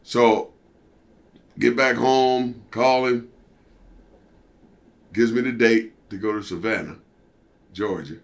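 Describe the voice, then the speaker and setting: An older man, a former wrestler, telling a story as an interview guest in a casual, animated way and acting out what others said. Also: mid-range voice, slow, vocal fry, pauses often. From United States. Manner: animated, acts out quoted voices.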